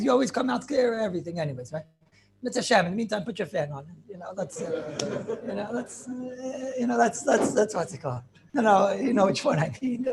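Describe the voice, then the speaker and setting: A man's voice: high-pitched, slight background noise. A man giving an informal Torah class, rambling and joking, with many fillers and questions put to his students. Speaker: rabbi teaching a class.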